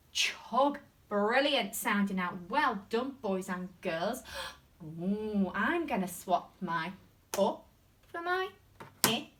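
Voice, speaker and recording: A woman with an English accent teaching a phonics lesson to young children, using an animated, exaggerated sing-song classroom voice. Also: fairly high pitch, far from the mic. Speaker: primary school teacher.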